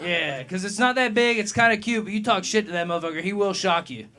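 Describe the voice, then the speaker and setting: A man's voice: high voice, quick pace, crowd noise. A young man doing a profane, rambling stand-up set at an open mic, laughing at his own jokes. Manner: gets loud and heated answering a heckler. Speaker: stand-up comedian. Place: comedy club open mic.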